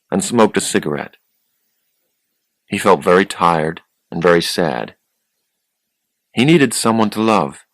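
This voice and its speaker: Slow, low-voiced male audiobook narrator. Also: no echo, rough recording.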